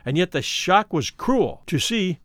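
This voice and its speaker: A man narrating a classic horror tale with an expressive, varied delivery. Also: high-pitched, a little slow, no room sound, clean studio sound. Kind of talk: dramatic audiobook narration.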